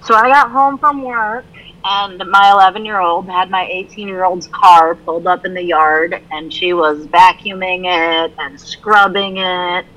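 A woman's voice: fairly low pitch, measured pace, rough recording. A middle-aged woman co-hosting a casual recovery podcast, telling a family story and acting out the voices of the people in it. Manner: animated storyteller who acts out quoted voices. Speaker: podcast co-host.

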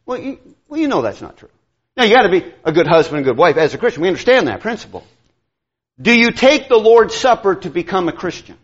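Male preacher, middle-aged, high lively voice, sermon, acts out conversations, muffled lo-fi sound. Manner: animated, acts out dialogue with quick asides.

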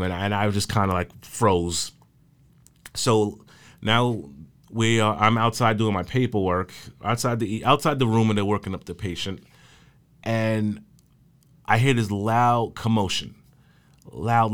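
A man who works in emergency medical services, telling stories from his early days in a casual way, halting often with fillers and restarts. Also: fairly low pitch, a bit bright, smooth. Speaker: EMS worker recalling his career. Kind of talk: casual spoken storytelling.

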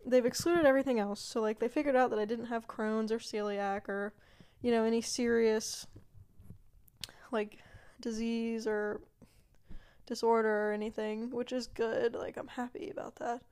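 Young female podcast host with a slightly high voice, loose and meandering, often trailing off into a soft murmur. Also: fairly even intonation, normal speed, smooth. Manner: rambling, meandering, many fillers and asides; yawning, drops to a quiet murmur at times. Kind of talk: casual solo chat.

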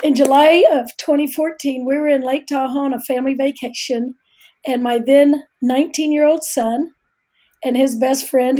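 A woman's voice: sits high, mellow. A middle-aged woman earnestly telling a vivid personal story as a guest on a faith talk show.

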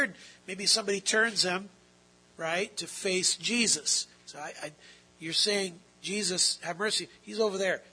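A man preaching a sermon, swinging between hushed, drawn-out phrases and loud, emphatic ones. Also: sits high, expressive, husky, rough recording. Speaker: pastor.

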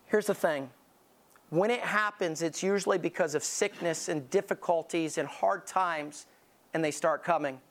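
A man's voice: on the high side, moderate pace, a bit bright. A man preaching a sermon as lead pastor, emphatic and conversational, telling vivid stories to drive his point home.

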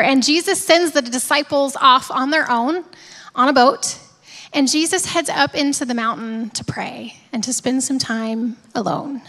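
A woman pastor delivers a reflective sermon in a high, light voice. She often sinks to a hushed whisper to stress a point. The sound carries a long reverberant tail, as in a large hall. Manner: reflective, drops to soft whispers for emphasis.

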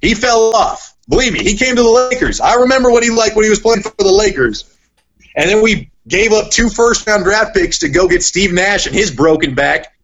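A young man talking in casual podcast chat, lively and full of "like"s as he tells stories. His voice sits fairly high. The recording is dull and lo-fi. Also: moderate pace. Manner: animated storyteller, heavy use of "like". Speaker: podcast guest, sports broadcaster.

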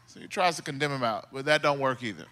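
Male pastor, sermon, animated comic storyteller, bright and lively voice. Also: medium pitch, fast talker. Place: church.

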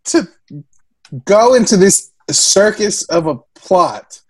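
A woman's voice: medium pitch, slow pace, breathy edge, no echo. A woman co-hosts a casual movie chat, laughing often and teasing her friends as she goes. Her voice sits close and dry, with no room around it. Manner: laughing, animated, playfully teasing. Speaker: podcast co-host.

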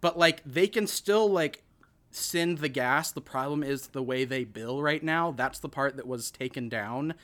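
A man's voice: mid-range voice, a little slow, a bit bright. A man hosting a podcast, chatting casually in a rambling, joking way with many restarts. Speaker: podcast host. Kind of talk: casual chat.

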